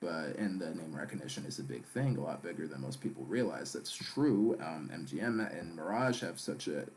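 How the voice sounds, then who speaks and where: A man's voice: sits low, animated, normal speed, darkish tone. A man hosting a live stream, chatting casually about casino business and greeting viewers in the chat.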